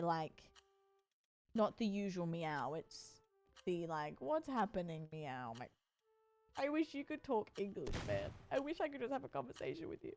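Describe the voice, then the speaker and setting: A woman's voice: on the low side, a little mellow, slight background noise. A tired woman streamer chatting casually with her live chat and cooing to her cat between remarks.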